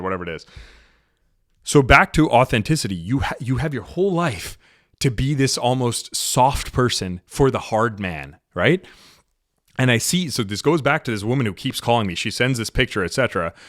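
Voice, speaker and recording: A man's voice: medium pitch, fairly bright tone, no room sound, clean studio sound. A man hosting a solo podcast, giving a blunt, profane monologue in a lecturing tone. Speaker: podcast host.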